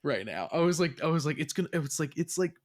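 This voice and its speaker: Man telling a story with animated swears. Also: on the high side, fast. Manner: animated storytelling, heavy swearing, laughs often. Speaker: podcast host. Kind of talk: casual chat.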